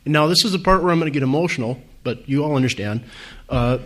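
A man with a fairly high voice talks at a quick pace as a speaker at a recovery meeting. He gives the audience an earnest, conversational personal testimony full of fillers.

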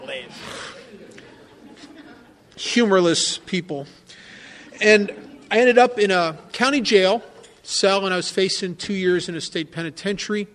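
A man's voice: high-pitched, a bit bright. A man giving a candid, self-mocking personal testimony at a recovery meeting, often turning to the listeners with asides.

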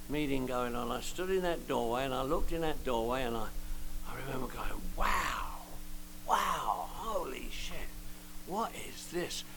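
An older man shares his story with a meeting crowd in a casual, wisecracking way. His voice is gravelly and sits a little high. Faint noise hums under the talk. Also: fairly bright tone, rough recording. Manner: joking, colloquial storyteller with slangy asides. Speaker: recovery meeting speaker. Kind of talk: personal testimony to a meeting.

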